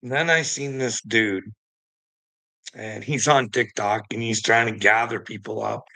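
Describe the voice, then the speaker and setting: A man's voice: lowish voice, fairly even intonation, unhurried, creaky, sharp tone, poor audio. A man ranting bluntly and indignantly in a casual monologue, swearing heavily as he talks to his viewers. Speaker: vlogger.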